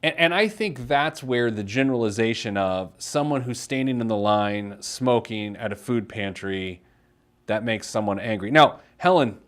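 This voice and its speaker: A man's voice: medium pitch, animated, normal speed, fairly bright tone. A man in his thirties hosting a casual financial advice radio show, self-deprecating, reading listener letters aloud.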